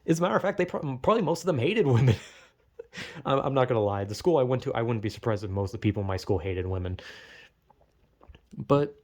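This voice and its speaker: A man's voice: mid-range voice, lively intonation, fairly quick, pauses often, darkish tone. A young man telling a rambling, profane, self-mocking comedic story.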